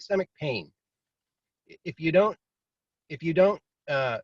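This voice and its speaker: A man's voice: on the high side, no echo. A man teaching in a casual, rambling way, now and then acting out inner voices. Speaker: meditation teacher. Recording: dry, slightly muffled video call audio.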